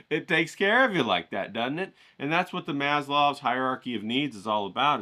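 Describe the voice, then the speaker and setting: A man's voice: medium pitch, pushed and bright. A man hosting an art vlog, rambling and joking in a folksy, casual way. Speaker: art channel host. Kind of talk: casual vlog talk with drawing tips.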